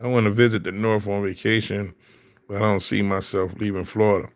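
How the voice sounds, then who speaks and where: A man's voice: lowish voice, level tone, fairly quick, dry recording. A man in casual chat, telling stories in slang and laughing often. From Philadelphia.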